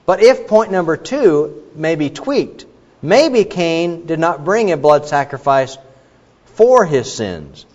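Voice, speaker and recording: A man preaching a sermon in an animated, questioning manner, with asides to the congregation. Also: a little high, slow. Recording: dull recording with long hall reverb.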